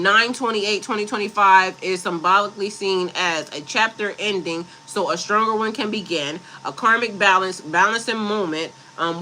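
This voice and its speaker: On a casual livestream, a woman spiritual coach reads affirmations and breaks off into blunt, profane asides. Her medium-pitched voice is bright and forceful, captured in a rough recording with slight background noise.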